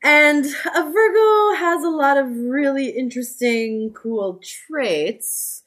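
A woman's voice: high-pitched, slow pace, a bit bright. A woman guest on a chat podcast, telling stories and often breaking into giggles. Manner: giggly, laughs through her stories. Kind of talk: casual chat.

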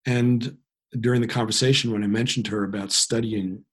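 A man's voice: mid-range voice, steady tone, a little fast, husky. A man telling a personal story in a reflective, self-deprecating way. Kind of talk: personal anecdote.

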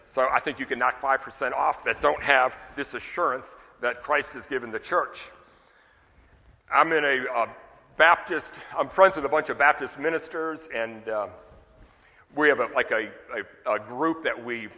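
A man's voice: fairly high pitch, sharp tone. A man preaching a sermon in a church, conversational but emphatic, asking rhetorical questions and pressing his points. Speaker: pastor. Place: church sanctuary. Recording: reverberant church sanctuary.

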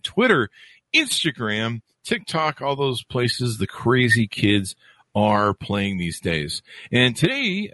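Male podcast host, rambling and jokey, lively delivery, dry studio sound. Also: on the low side, no room sound. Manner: jokey, rambling, self-interrupting. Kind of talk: upbeat podcast interview.

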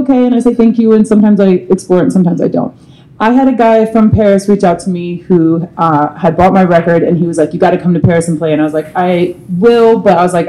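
A woman's voice: fairly low pitch, poor audio. A woman singer, a guest on a live panel at a bar, telling candid and profane stories. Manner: profane, animated storyteller.

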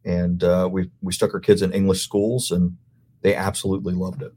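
Deep, husky man telling stories. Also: level tone, moderate pace, warm tone. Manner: rambling storyteller, laughs easily. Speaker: podcast guest. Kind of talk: casual chat.

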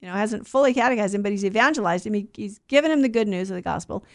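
A woman's voice: medium pitch, racing. A woman teaching scripture to a group in a conversational way, often asking them questions. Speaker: Bible teacher.

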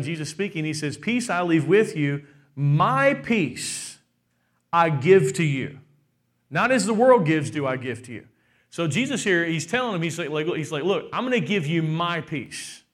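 A pastor preaches a sermon in a slightly high, somewhat bright voice. He's rhetorical and emphatic, stressing his words and repeatedly asking the congregation "how many know."

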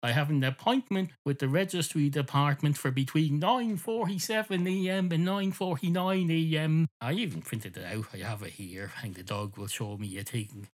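A man hosting a podcast, telling an absurd story in a rambling, deadpan comic monologue. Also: a little high, normal speed, few pauses. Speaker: podcast host.

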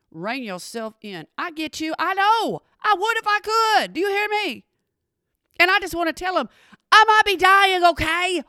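A middle-aged woman with a high, bright voice tells a personal story to her followers. She is dramatic and animated, and she addresses her listeners directly. The sound is dry and close. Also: no echo. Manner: animated, dramatic, talks straight to the audience.

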